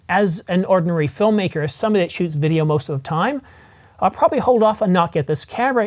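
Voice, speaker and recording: A camera news vlogger talking in a casual, enthusiastic way, rambling and thinking aloud with frequent self-corrections. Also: mid-range voice. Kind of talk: casual vlog commentary.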